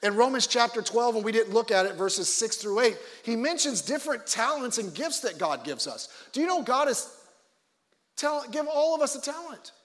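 A male pastor preaching a conversational sermon with joking asides, swinging between loud emphasis and quiet low remarks. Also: big pitch swings, moderate pace, long reverb tail.

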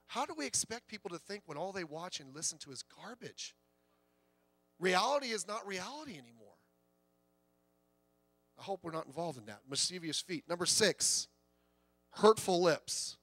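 A man's voice: high-pitched, animated, normal speed, pauses often, fairly bright tone, no echo, faint music behind. A man preaching a sermon as pastor, in a conversational way with stories and quoted voices.

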